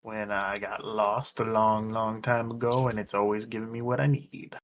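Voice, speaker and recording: A man playing a tabletop game, speaking quietly in a laid-back way. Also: on the low side, level tone, moderate pace. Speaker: player.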